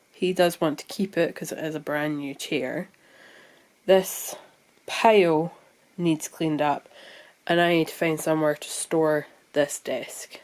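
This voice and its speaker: A Scottish woman talks through her room in a relaxed, rambling vlog, thinking out loud as she goes. Her voice sits a little low for a woman, and she chats casually to the camera. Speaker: vlogger. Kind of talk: casual chat. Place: room at home.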